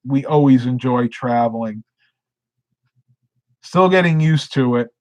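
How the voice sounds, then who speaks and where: A man's voice: medium pitch, a little slow, no echo. A sleepy middle-aged man chatting casually on a live stream, rambling and reading viewer comments aloud. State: sleepy, yawning.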